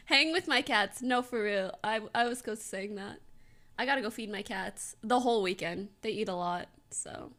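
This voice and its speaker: A young woman streamer telling a story in casual chat to her viewers, giggling often and talking in an animated way. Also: mid-range voice, normal speed.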